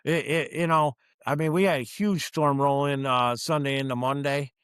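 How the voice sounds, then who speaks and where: Casting note: gruff man, Teamster guest, blunt and profane, dry close mic. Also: mid-range voice, steady tone, normal speed, a bit bright, dry recording. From New York. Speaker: union truck driver guest. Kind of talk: casual podcast storytelling.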